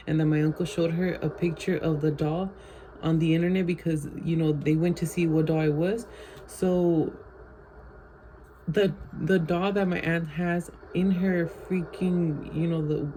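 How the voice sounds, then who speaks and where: Flat-voiced woman rambling through a storytime. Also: sits low, slight background noise, poor audio. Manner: rambling, filler-heavy storytelling with Spanish phrases mixed in. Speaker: vlogger. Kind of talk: casual storytime. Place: home.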